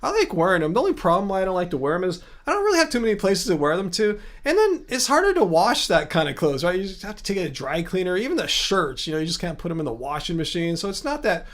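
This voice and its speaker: A man's voice: high voice, big pitch swings, fast talker, hardly any pauses, fairly bright tone. A man hosting a casual livestream, reading viewer comments aloud and rambling chattily with lots of fillers and self-corrections. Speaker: livestream host.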